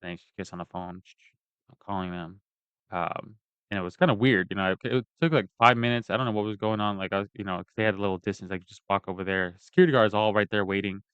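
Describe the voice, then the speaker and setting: A man's voice: on the low side, fairly even intonation, fast talker, fairly bright tone, clean tone, no echo. A man ranting in a casual, profane and rambling way as he tells a personal story. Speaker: vlogger giving a personal account. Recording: dull lo-fi dry recording.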